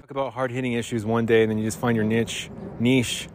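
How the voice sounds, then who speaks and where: A man's voice: medium pitch, little pitch movement, rapid-fire, a little mellow, a little hiss or hum. A middle-aged man hosting a podcast in a rambling, casual monologue, full of slang and repeated filler words. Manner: rambling, slangy, keeps saying dude. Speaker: podcast host.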